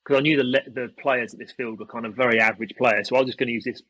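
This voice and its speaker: A man's voice: medium pitch, fairly even intonation, rapid-fire, a bit bright, slight background noise. A man, a podcast guest telling stories in casual chat and acting out quotes in a raised voice. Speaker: podcast guest, airsoft YouTuber.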